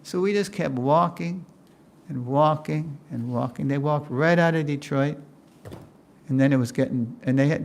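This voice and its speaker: Older man, gravelly voice, lively storytelling lecture, acts out quotes. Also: medium pitch. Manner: animated storytelling, acts out quotes, laughs often.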